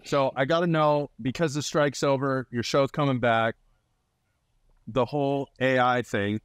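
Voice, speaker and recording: A man hosting an interview, telling stories quickly and eagerly and laughing often. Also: mid-range voice, fairly even intonation, clear, resonant tone, no room sound, studio quality. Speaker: host. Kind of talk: casual interview chat.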